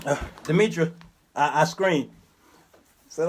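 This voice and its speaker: A man in his fifties hosting his own show, telling a story in an animated, preacherly way and acting out the people in it. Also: sits high, slow pace, long pauses. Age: 50s. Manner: preacherly, animated, acts out characters. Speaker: show host. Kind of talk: commentary monologue with storytelling.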